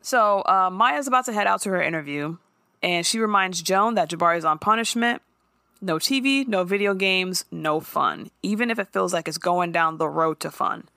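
A woman co-hosting a podcast, recapping a show in casual chat with animated, profane storytelling and quick character impressions. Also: lowish voice, creaky, dry recording, clean studio sound.

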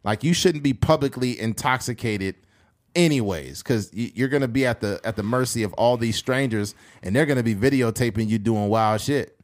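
A man hosting a podcast, chatting casually and telling stories, often mimicking other people in a higher voice. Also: normal speed. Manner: animated storyteller who mimics other people in high voices. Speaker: podcast host. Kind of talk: casual chat.

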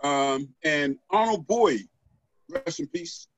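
A middle-aged man talking as a podcast guest and author, animated and preacherly, checking in with "right?" as he goes. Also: fairly high pitch, slow pace, no room sound. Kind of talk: motivational podcast conversation. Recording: dull, dry lo-fi audio.

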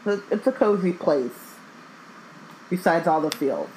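A woman co-hosts a casual chat in a somewhat low voice. She is blunt and jokey, and she swears freely while riffing on the story. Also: expressive, measured pace, a little mellow, slight background noise, low-quality recording. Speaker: podcast co-host.

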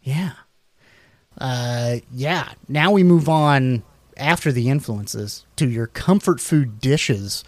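A man co-hosting a casual chat, reading facts off slides in a relaxed, rambling way with many fillers and restarts. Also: medium pitch, slow, no room sound. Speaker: podcast co-host.

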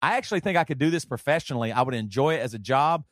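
A man with a Southern accent hosting a podcast, talking in a rambling, excitable way and laughing often. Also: medium pitch, very fast, no room sound, studio quality. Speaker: podcast host. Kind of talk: casual chat.

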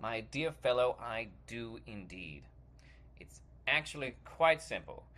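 A man's voice: mid-range voice, expressive, a little slow, background noise, voice pushed down, natural voice. A man voicing a pompous, condescending famous male TV actor with a British accent, talking down grandly in a comedy sketch. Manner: grand and patronizing, calls others 'dear fellow' and 'chap'.

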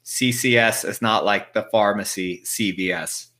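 A man's voice: fairly low pitch, measured pace, sharp tone. A man co-hosting a betting podcast, with a dry, clipped delivery. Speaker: podcast co-host. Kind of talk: casual betting podcast chat.

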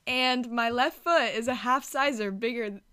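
Young woman, podcast host, high-pitched, playful, teasing. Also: a little slow, bright, forceful tone, smooth. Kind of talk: casual chat.

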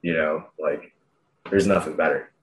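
A young man with a very deep, low voice tells a story in loose, slangy talk. He swears freely and rambles from one aside to the next. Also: steady tone, a little slow, reverberant, slight background noise, poor audio. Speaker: guest telling a story. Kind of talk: casual storytelling.

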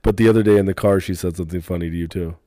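A man with a very deep, warm voice, co-hosting a relaxed podcast chat. His remarks are dry and laid-back, recorded close and dry. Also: very fast, dry recording. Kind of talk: casual chat.

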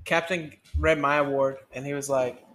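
A man's voice: medium pitch, steady tone, normal speed, very noisy. A man co-hosting a casual podcast from home, talking in a blunt, dry, matter-of-fact way. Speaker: podcast co-host, service member. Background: dogs at home.

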